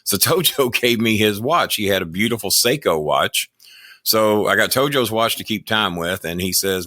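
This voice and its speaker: Male podcast guest, lowish voice, loose swearing anecdotes, chuckling asides. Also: lively intonation, brisk, bright, forceful tone, no room sound, studio quality. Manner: rambling, profane, laughs through his stories. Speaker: podcast guest, wrestling manager. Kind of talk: casual storytelling interview.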